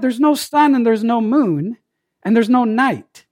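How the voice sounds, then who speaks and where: A male pastor delivering a sermon in an emphatic, rising and falling style. His voice sits high for a man. The sound is dry, with no room echo. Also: animated, measured pace, a little mellow.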